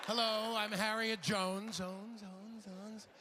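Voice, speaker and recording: A man's voice: extremely high pitch, measured pace, background noise, pitched above the performer's own voice. A man putting on a prim woman addressing a convention, mimicking a public-address echo. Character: fussy middle-aged woman at a convention podium.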